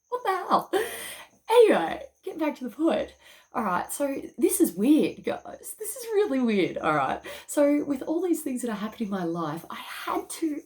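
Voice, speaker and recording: An Australian woman talking casually to her viewers, chatty, swearing freely and saying "okay" again and again. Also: medium pitch. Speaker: spiritual channel and YouTuber. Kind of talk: casual talk to camera.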